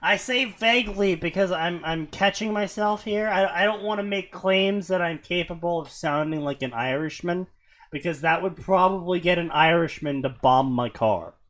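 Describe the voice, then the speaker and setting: A man's voice: high-pitched, moderate pace. A man chatting casually on a late-night stream, rambling and joking at his own expense. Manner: rambling, self-deprecating, animated. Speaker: streamer reading fanfiction.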